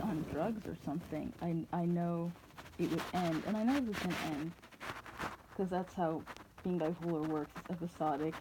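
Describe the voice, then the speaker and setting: A woman's voice: fairly low pitch, noisy background. A woman from New England rambling through a casual vlog monologue, jumping from tangent to tangent and cutting herself off mid-thought. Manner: rambling, tangential, self-interrupting. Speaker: vlogger.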